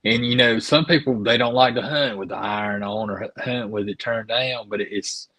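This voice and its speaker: A man's voice: mid-range voice, moderate pace, sharp tone, dry recording, rough recording. A man co-hosting a casual chat, easygoing and talking with lots of "you know"s. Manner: easygoing, filler-heavy, with many "you know"s. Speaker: co-host.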